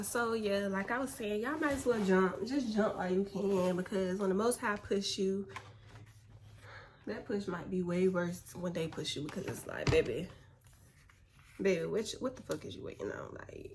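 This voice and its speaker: A young woman in a relaxed, slangy motivational chat, calling her viewers "baby". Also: mid-range voice, a little hiss or hum. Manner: laid-back, slangy, spiritual encouragement, calls viewers "baby". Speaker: vlogger.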